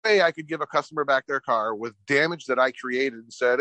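A man's voice: medium pitch, a little fast, dry recording. A middle-aged man and podcast guest telling a story casually, swearing a lot and acting out what each person said. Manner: profane, animated storyteller acting out quotes. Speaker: podcast guest, business owner.

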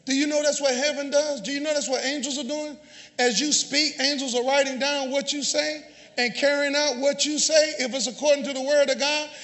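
Male pastor, very high bright voice, call-and-response sermon, long church reverb. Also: fairly even intonation, brisk. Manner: call-and-response preaching, often shouting. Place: church sanctuary.

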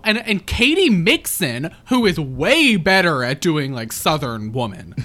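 A podcast co-host talking casually about a film, animated and laughing, full of "like" and quick asides. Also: mid-range voice. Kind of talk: casual movie review chat.

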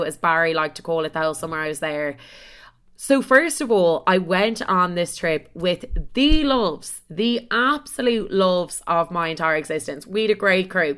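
A young Irish woman in her twenties chats through stories on her solo podcast. Her voice is bright and forceful, set slightly low. She swears freely, mocks herself and plays every mishap up for drama. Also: smooth. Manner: chatty, swears a lot, self-mocking and dramatic. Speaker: podcast host. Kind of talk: casual solo podcast storytelling.

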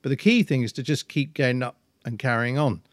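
A man's voice: mid-range voice, a little fast, dry recording, studio quality. A man co-hosting a casual podcast chat, speaking thoughtfully with frequent restarts. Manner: hesitant, many restarts and fillers, thoughtful. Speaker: podcast co-host.

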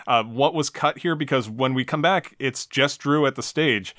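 A man hosting a podcast, casually talking through an old talk show episode with relaxed, filler-heavy chat. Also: medium pitch, normal speed, no echo, studio quality. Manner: relaxed, chatty, frequent fillers. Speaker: podcast host.

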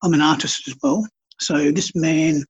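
A man's voice: on the high side, measured pace, breathy edge, lo-fi sound. A man, a podcast guest who tells stories and talks about spirituality in a passionate, preachy way. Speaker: podcast guest, artist and healer. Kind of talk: casual spiritual conversation.

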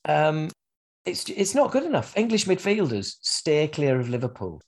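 A man's voice: fairly high pitch, sing-song, moderate pace, slightly rough. Man bantering, swearing freely. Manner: banter-heavy, swears, teasing. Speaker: football podcast co-host, Leeds fan. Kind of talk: casual chat.

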